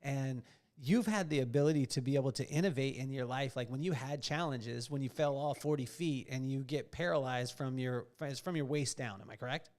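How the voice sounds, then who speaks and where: A male podcast host speaks in a relaxed, conversational way. His voice sits at a middle pitch, and he reflects on his guest's story before checking the details with him. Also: fairly quick. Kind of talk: interview questions.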